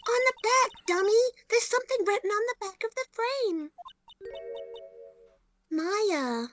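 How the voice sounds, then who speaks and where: A woman voicing an excitable little girl from a game, reading the lines aloud with squeaky urgency. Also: measured pace, soft background music, full character voice. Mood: urgent.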